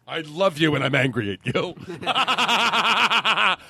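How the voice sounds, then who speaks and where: A man's voice: sits high, very animated, very slow, vocal fry, sharp tone, husky. A man joking as a podcast guest, brash and mock-angry, cursing for laughs. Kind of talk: comedic riffing banter.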